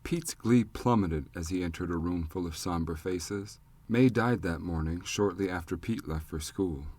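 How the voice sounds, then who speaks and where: A man narrating an audiobook in a measured, even storytelling manner on a close studio mic. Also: low voice. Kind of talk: scripted narration.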